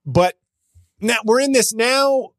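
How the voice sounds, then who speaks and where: A man hosting a podcast in casual comedic chat, animated and profane, often slipping into mock voices. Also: very high voice, slow, no echo, clean studio sound.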